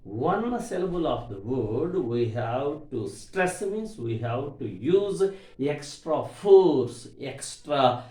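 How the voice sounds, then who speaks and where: A man with an Indian English accent teaching an English lesson, repeating words slowly and stressing their syllables. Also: mid-range voice, lively intonation, warm tone. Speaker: English lecturer. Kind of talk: classroom grammar lesson. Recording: echoey room.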